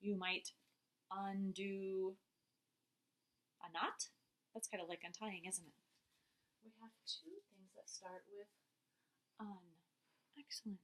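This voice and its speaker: A woman's voice: medium pitch, takes it slowly, pauses often, fairly bright tone. A woman teaching a classroom reading lesson, encouraging the children and praising them often.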